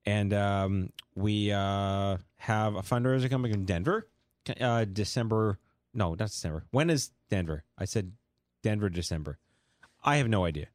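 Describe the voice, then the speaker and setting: A man with a New York accent hosting a casual talk show, rambling and joking through quick asides. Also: lowish voice, dry recording, clean studio sound. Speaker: show host. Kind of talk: casual talk-radio banter.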